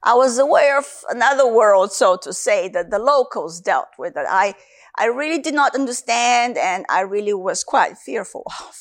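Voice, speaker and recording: A woman's voice: a little high, expressive, moderate pace. A woman from Africa, a Christian minister, giving an earnest sermon with her personal testimony and repeating key phrases for emphasis.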